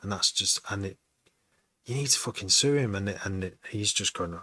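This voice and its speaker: A man with a low-pitched, bright, forceful, slightly rough voice speaks at a moderate pace with no echo. He's streaming a music production session, chatting in a rambling, casual way, swearing often, stopping mid-sentence and repeating words.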